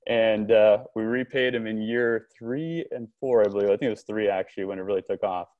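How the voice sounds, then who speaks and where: In a conversational podcast interview, a Southern California company co-founder tells a story in a low voice, fairly quickly. He's animated, restarting often and quoting dialogue. The recording is dry and muffled.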